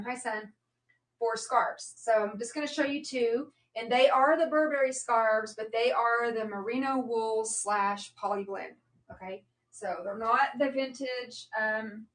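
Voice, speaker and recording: A woman's voice: a little high, a bit bright. Chatty woman selling live, roomy and distant. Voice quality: chatty, rambling, many fillers and self-corrections. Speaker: live shopping host. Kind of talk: casual live-stream sales chat. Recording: roomy sound, mic at a distance.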